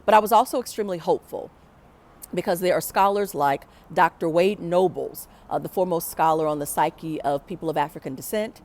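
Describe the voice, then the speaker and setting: A young woman recounts a personal story in a reflective, conversational voice that sits slightly low. She slips into the voices of the people she quotes now and then. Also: brisk, darkish tone.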